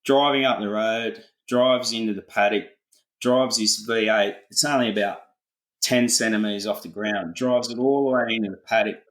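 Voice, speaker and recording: A middle-aged Australian farmer telling a laid-back story full of colloquial slang in a casual interview. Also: male voice, fairly low pitch, fairly even intonation, moderate pace, fairly bright tone, echoey room, rough recording. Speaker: farmer, podcast guest.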